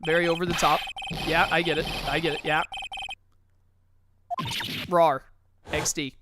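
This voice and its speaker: A woman's voice: deep voice, level tone, unhurried, heavy background noise. A woman streaming a game playthrough, joking through the commentary and reading the characters aloud. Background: game music.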